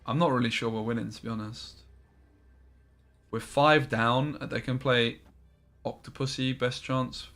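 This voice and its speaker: A man's voice: mid-range voice, steady tone, measured pace, fairly bright tone. A young man casually commentating his card game on a live stream, chatting and reading chat aloud into a desk microphone.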